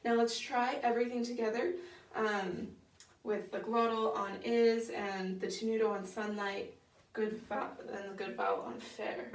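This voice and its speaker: A young woman leading a women's choir rehearsal, patient and encouraging, with many fillers as she explains singing technique. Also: on the high side. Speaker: choir director. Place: rehearsal room. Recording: echoey room, voice from far off.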